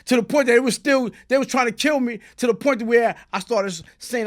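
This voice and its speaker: A middle-aged man, telling a story as a guest in a casual interview. His voice sits high, and he talks in animated street slang. He breaks into loud shouts. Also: fairly quick. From New York.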